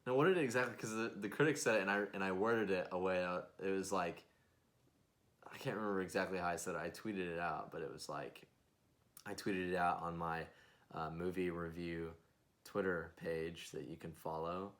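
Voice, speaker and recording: A man's voice: low-pitched, fairly even intonation, a little fast, fairly bright tone. A young man co-hosting a podcast, chatting casually and rambling through stories with jokey asides. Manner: joking, rambling, acts out little voices. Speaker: podcast co-host. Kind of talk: casual chat.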